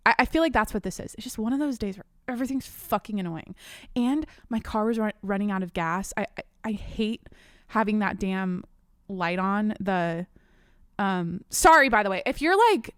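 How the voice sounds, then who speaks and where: A woman's voice: mid-range voice, moderate pace, dry recording, clean studio sound. Profane young woman venting on her podcast. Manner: animated, profane venting with frequent restarts. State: slightly out of breath. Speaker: podcast host. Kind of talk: casual ranting monologue. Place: home studio at her desk. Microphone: desk microphone.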